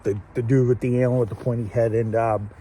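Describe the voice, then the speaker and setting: Rambling man with a mellow voice. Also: medium pitch, little pitch movement, fast talker, slight background noise. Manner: rambling, many fillers and restarts, laughs while retelling. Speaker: show host reviewing an anime episode. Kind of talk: casual solo review talk.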